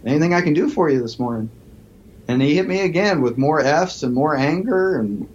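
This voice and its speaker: Male podcast guest, negotiator and professor, animated storyteller, slightly muffled audio with light noise. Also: a little high, a little fast. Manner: animated storyteller acting out quoted voices.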